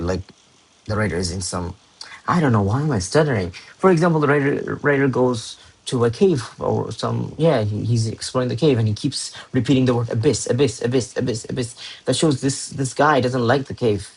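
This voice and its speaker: A man's voice: medium pitch, normal speed, gravelly, breathy edge. A young man explaining English exam techniques in a chatty, informal way, often correcting himself and using slang. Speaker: English tutor. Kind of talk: casual teaching explanation.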